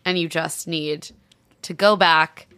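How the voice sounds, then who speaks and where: A woman's voice: low-pitched, fairly even intonation, sharp tone, smooth, dry recording. A woman guest on a podcast, chatting casually and reacting emphatically to a story. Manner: reacts with quick, emphatic outbursts. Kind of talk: casual chat.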